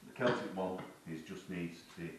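A man explaining dog training in a plain, unhurried way as he works with his dog. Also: low-pitched, a little hiss or hum. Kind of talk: casual training demonstration. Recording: roomy, distant camera mic.

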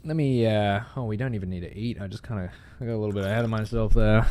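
A man chatting to his viewers during a live game stream, animated and swearing freely. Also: on the low side, a little slow, long pauses, slight background noise. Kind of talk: live gameplay stream chat.

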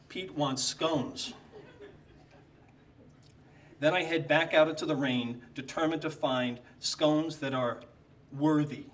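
Deadpan man reading to a hall. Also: a little high, far from the mic. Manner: dry, deadpan comic timing. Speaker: speaker at a tribute evening. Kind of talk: reading a prepared humorous tribute. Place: lecture hall.

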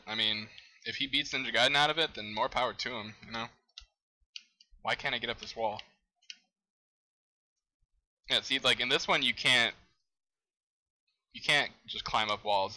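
Young male gamer, bright tense voice, excitable casual commentary. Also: mid-range voice, rough recording. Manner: excitable, exclaims and laughs at the game. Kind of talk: let's play commentary.

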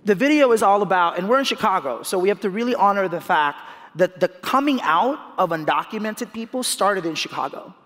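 A man in his thirties from the Philippines speaks in a lively onstage interview, laughing often and restarting with repeated words. His voice sits fairly high for a man. The sound carries a long reverb from a large hall. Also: a little fast. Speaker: guest speaker.

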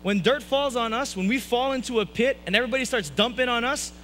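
Brief: male preacher, high bright voice, self-mocking humor, church sermon. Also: fast, a little hiss or hum, low-quality recording. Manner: playful, self-mocking, jokey asides.

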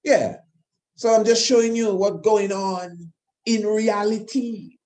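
High mellow man preaching emphatically. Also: slow. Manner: emphatic, repetitive, rhetorical questions. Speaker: host of his own channel. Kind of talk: impassioned monologue.

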